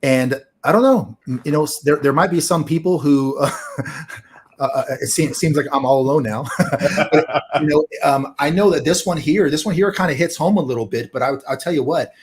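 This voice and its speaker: A man hosting a podcast in casual chat, talking in a measured way and steering the topic. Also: on the high side. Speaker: podcast host.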